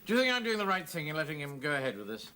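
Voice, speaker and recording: This is a pompous middle-aged captain who speaks in a self-important, officious way. His voice sits at a middling pitch but moves a lot within each line. An audible hiss from an old TV soundtrack runs under him. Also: big pitch swings, racing, pushed and bright. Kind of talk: 1970s sitcom acting.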